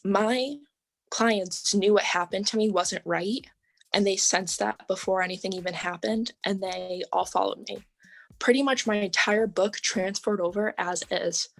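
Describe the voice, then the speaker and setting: A young woman talks as a podcast guest, chatting through her story in a loose, casual way. Her pitch sits in the ordinary middle range for a woman. She fills her speech with "like" and "um" and laughs lightly as she goes. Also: creaky. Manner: chatty, lots of "like" and "um", laughs often.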